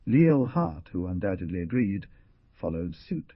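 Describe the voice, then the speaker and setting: Husky, expressive male audiobook narrator. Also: measured pace, no room sound, lo-fi sound. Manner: expressive storytelling with wide pitch swings. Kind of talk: scripted narration.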